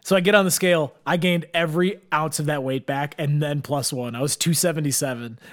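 A young man co-hosting a podcast, telling a rambling story in a crude, joking, animated way. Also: a little high, brisk. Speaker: podcast co-host. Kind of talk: casual chat.

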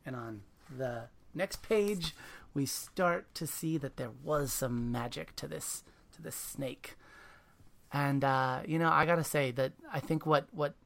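An interview host with a gravelly, creaky voice who talks slowly and thoughtfully, circling back and restarting phrases. Chatty and appreciative. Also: medium pitch. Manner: warm praise, halting restarts. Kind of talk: conversational book interview.

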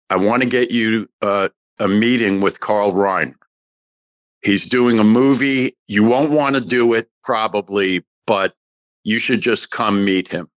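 A man's voice: on the low side, no room sound. An older man, an actor, telling a long story in an interview and acting out the lines of everyone in it. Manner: animated storyteller acting out quoted dialogue. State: emotional. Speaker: guest actor.

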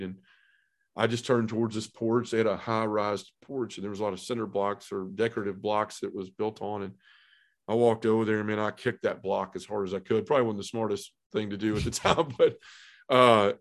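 As a guest on a podcast, a middle-aged man speaks a little fast in a lowish, steady voice about his own life. He's sincere and heartfelt, with plenty of "you know" and "man" along the way.

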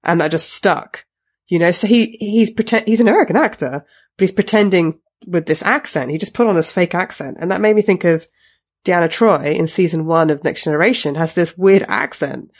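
Low-voiced woman asking questions casually. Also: brisk. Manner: questioning, uses "like" often. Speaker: podcast co-host. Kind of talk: casual discussion.

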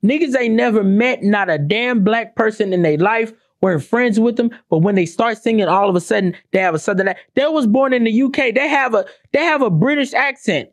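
A woman's voice: lively intonation, moderate pace, dry recording, clean studio sound. A woman hosting her own podcast, ranting bluntly and sarcastically with lots of swearing and rhetorical questions. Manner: swings between high exclamations and low, dropped asides. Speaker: podcast host. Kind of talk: profane ranting podcast monologue.

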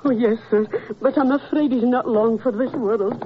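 A woman's voice: fairly high pitch, moderate pace, slight background noise, lightly acted. An actress playing a tearful, anxious landlady in a 1940s radio drama, pleading and stammering. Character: tearful, anxious landlady, middle-aged woman. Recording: dull lo-fi old radio recording.

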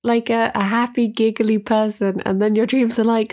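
A woman's voice: a little high, little pitch movement, normal speed, a little mellow. A woman co-hosting a podcast in casual chat, teasing and laughing easily. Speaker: podcast co-host.

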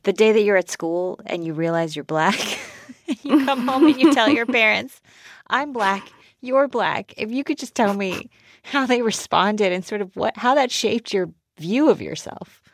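A woman radio host interviewing a guest with measured questions. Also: mid-range voice, lively intonation, no echo.

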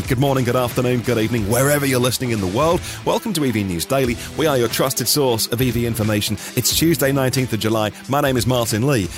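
A middle-aged man from Norfolk, hosting a daily news podcast in a chatty way with personal asides. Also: mid-range voice. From Norfolk, England. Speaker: podcast host.

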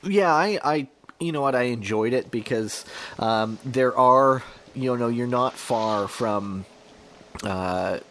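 A man's voice: medium pitch, slow pace, a bit bright, slight background noise. A man who is a journalist, chatting casually on a podcast and telling stories with lots of fillers and restarts. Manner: rambling storyteller with many fillers and restarts. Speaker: journalist guest.

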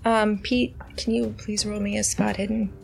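A woman narrating a tabletop game as game master, relaxed and hesitant with many ums. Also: medium pitch, normal speed, gravelly.

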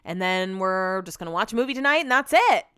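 A woman's voice: mid-range voice, animated, brisk, a bit bright, smooth, no room sound, studio quality. A woman hosting a podcast at home, telling a story in a chatty way and acting out what other people said. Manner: chatty, acts out others' lines with "he was like". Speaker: podcast host. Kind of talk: casual solo storytelling. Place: room in her home.

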